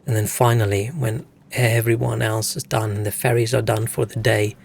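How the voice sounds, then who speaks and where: A man's voice: lowish voice, level tone, normal speed, creaky, darkish tone, slightly rough. A young man from Africa, chatting casually and swearing as he tells stories while streaming a game. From South Africa. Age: young adult. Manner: rambling, swearing storyteller. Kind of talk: casual chat while gaming.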